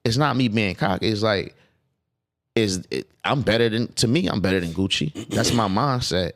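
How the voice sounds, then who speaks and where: Emphatic, lower-voiced podcast guest man. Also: lively intonation, normal speed. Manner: emphatic, profane streetwise talk. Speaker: clothing designer guest. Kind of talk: casual podcast conversation.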